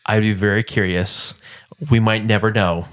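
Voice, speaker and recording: A man's voice: on the low side, steady tone, moderate pace, fairly bright tone, smooth, no echo. A man co-hosting a casual podcast, leading the topic in a rambling way with lots of "like" and "I mean". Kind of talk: casual chat.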